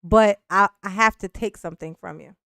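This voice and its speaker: A woman doing a calm, sinister vampire-like man. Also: medium pitch, creaky, dry recording, studio quality. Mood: calm menace. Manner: slow, soft, eerily calm delivery.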